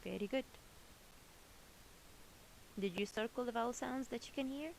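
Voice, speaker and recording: A woman's voice: fairly high pitch, moderate pace, vocal fry, darkish tone, slight background noise, rough recording. A woman teaching a children's English lesson, patiently repeating each word twice.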